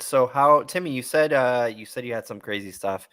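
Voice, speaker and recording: A man's voice: medium pitch, moderate pace, a bit bright, dry recording, clean studio sound. A man hosting a casual podcast chat, rambling with many restarts. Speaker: podcast host.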